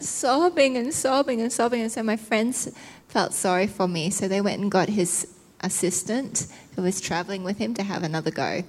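A woman preacher telling a personal testimony as a sermon, animated and self-mocking, often laughing as she tells it. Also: medium pitch, normal speed, hardly any pauses. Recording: reverberant hall.

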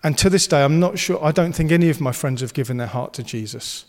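A man's voice: on the high side, fast, big-room sound. A man preaching a sermon, earnest and encouraging, and he slips into playful banter. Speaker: pastor.

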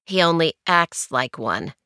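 A woman's voice: low voice, big pitch swings, measured pace, pushed and bright, smooth, no echo, studio quality, full character voice. A woman narrator voicing a wry, weary young woman in an audiobook.

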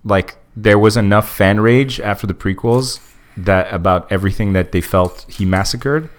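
Male podcast host, lower voice, loose and opinionated, casual chat. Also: moderate pace. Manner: opinionated, with many restarts and profanity.

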